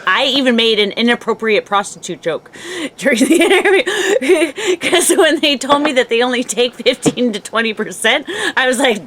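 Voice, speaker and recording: Female co-host, slightly high voice, frank and giggly, light background noise. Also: very animated, unhurried, a bit bright. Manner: blunt, swears, laughs a lot. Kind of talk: casual comedic chat.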